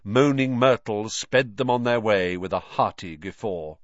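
A man narrating a storybook in an expressive, animated reading style. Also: on the low side, unhurried, dry recording. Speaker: audiobook narrator. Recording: dull lo-fi dry audio.

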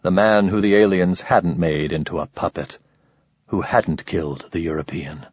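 A man reading a story aloud in measured, even scripted narration. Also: low voice, slightly rough, no echo. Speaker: audiobook narrator. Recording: dull lo-fi recording.

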